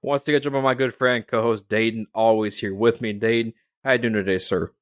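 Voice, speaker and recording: A man's voice: fairly low pitch, fairly even intonation, a little fast, no echo. Rambling young man hosting a podcast. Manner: rambling, many restarts and fillers. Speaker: podcast host. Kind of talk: casual sports podcast chat.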